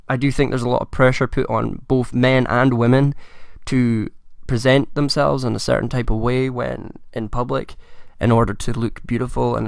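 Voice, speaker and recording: A young man speaks in a hoarse, croaky voice with a gravelly edge. He talks in a measured, thoughtful way, like a solo commentary vlog. The sound is dry and close, with no room echo. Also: mid-range voice. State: hoarse, croaky from a chest infection. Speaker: commentary vlogger.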